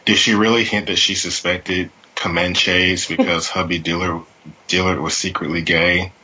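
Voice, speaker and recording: A man's voice: low voice, fairly even intonation, moderate pace, pushed and bright, slightly rough, lo-fi sound. A man co-hosting a podcast, reading a wry, jokey recap of TV episodes. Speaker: podcast co-host.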